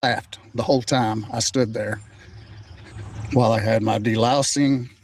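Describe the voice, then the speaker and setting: An older man calmly recounting his own arrest, measured and steady, still hurt by it. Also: medium pitch, a little hiss or hum. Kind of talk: personal account.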